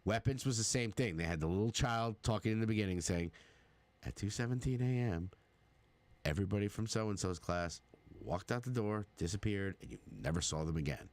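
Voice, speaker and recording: Man, podcast co-host, casual chat, animated, dry close mic. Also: fairly low pitch, a little fast, no echo. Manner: animated, rambling with fillers.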